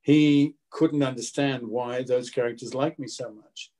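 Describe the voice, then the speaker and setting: An older man with an Australian accent, a guest actor telling anecdotes in an interview in a relaxed, storytelling way. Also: medium pitch, measured pace.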